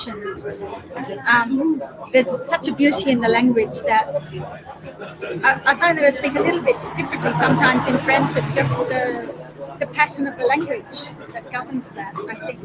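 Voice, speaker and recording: A woman's voice: high voice, moderate pace, a loud crowd, low-quality recording. A woman, a guest on a casual webinar, telling stories in a reflective way and laughing easily. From Australia. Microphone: video call.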